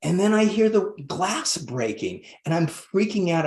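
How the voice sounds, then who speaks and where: A man's voice: high voice, very animated, unhurried, few pauses, a little mellow. A man who is a podcast guest tells a long personal story, rambling with many restarts and acting out the voices he quotes. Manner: acts out quoted voices animatedly. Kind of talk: storytelling interview answer. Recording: roomy echo.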